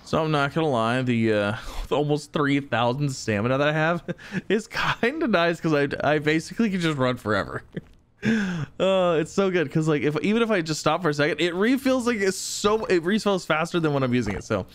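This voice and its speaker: A young man giving excitable let's-play commentary, chuckling and talking to the enemies he fights. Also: on the high side, brisk, clear, resonant tone. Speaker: gaming YouTuber.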